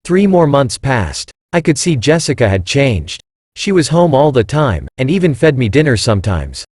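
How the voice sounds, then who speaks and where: Man, story narration, lively pitch, dry close sound. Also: normal speed, no room sound.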